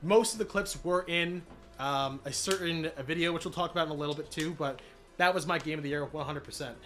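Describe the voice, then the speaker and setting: A man streaming live, recapping his channel's year in a casual, energetic way with many fillers and shout-outs, voice cracking after being sick. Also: on the high side, a little fast, faint music behind. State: recovering from illness, voice cracking.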